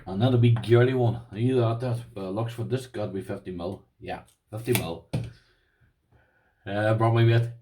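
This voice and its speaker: A man's voice: lowish voice, steady tone, moderate pace, warm tone, a little hiss or hum. A man with an Irish accent, chatting casually as he unboxes and tries out padlocks, rambling with restarts. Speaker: lock-picking vlogger.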